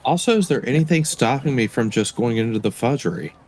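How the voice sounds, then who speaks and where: A male tabletop player asks rambling questions about the scene. His voice moves up and down with a lively swing. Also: medium pitch, fairly quick. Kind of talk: casual tabletop play.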